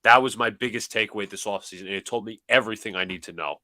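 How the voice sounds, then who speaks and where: A man's voice: on the low side, rapid-fire, pushed and bright, no room sound. A man co-hosting a sports call-in stream, ranting in frustration about his team's front office. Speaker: co-host. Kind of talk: casual sports call-in chat.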